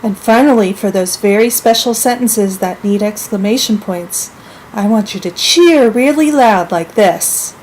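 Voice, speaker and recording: A woman teaching a lesson to young children, speaking clearly and acting out example sentences with lively expression. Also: medium pitch, unhurried, a little hiss or hum, poor audio. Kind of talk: model classroom minilesson.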